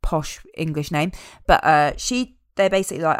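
A woman's voice: fairly low pitch, brisk, clear, resonant tone, no echo. Chatty woman with a dry, close sound. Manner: chatty, animated, amused. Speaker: podcast co-host reviewing a film. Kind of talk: casual chat.

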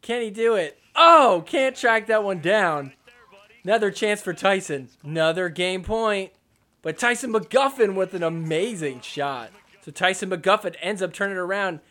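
A young man with a fairly high voice hosts a casual sports podcast. He talks through the match in an offhand, joking way. Every so often he drops into mock quotes that poke fun at the players. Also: moderate pace, a bit bright. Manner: sarcastic, jokey, voices players' imagined thoughts. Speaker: podcast host. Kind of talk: casual sports recap commentary.

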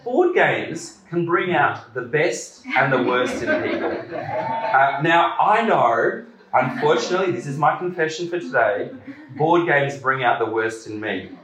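Give me a church elder preaching in an echoey room. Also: male voice, medium pitch, lively intonation, a little slow, a crowd in the background. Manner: conversational, hesitant with many fillers. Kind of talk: sermon.

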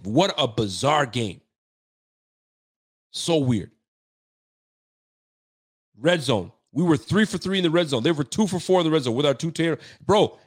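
A young man hosting a sports podcast, giving a frustrated, slangy postgame rant that keeps repeating its points. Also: fairly high pitch.

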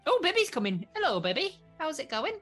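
A woman's voice: high-pitched, very animated, a little fast, a bit bright, soft background music, voice pushed up. A woman voicing a kindly, fussing old grandmother mushroom who calls everyone love. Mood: cheerful.

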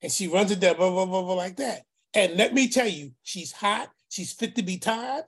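A man tells a long family story, acting out the people in it and repeating words for effect. His voice is somewhat breathy and husky. At times his tone turns preacherly. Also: high-pitched, normal speed. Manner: animated, acts out voices, repeats phrases; preacherly, speaks of faith. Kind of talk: casual storytelling.

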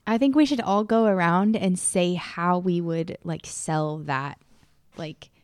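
A woman's voice: fairly low pitch, measured pace, dry recording, studio quality. A woman hosting a casual podcast chat, playfully leading the conversation. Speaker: podcast host.

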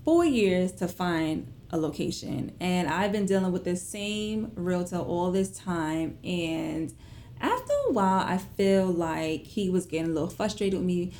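Emotional, animated woman telling a story. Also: unhurried, a little hiss or hum. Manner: emotional, animated retelling with big pitch swings; conversational, colloquial phrasing. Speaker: small business owner. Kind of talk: casual storytelling to viewers.

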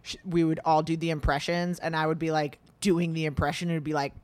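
A woman's voice: low voice, fast talker, no room sound. A young woman co-hosting a podcast, rambling along in casual chat, full of fillers and restarts. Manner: rambling, filler-heavy, animated. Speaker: podcast co-host.

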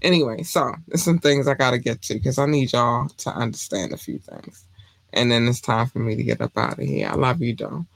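A man hosting a casual live-stream podcast, talking loosely and gushing through shout-outs to listeners, sometimes jumping into squealed high greetings. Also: fairly quick, creaky. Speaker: podcast host.

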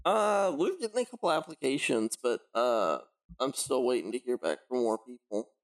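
A man's voice: medium pitch, big pitch swings, moderate pace. A man running a tabletop game as game master, joking and laughing often. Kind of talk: casual tabletop game chat.

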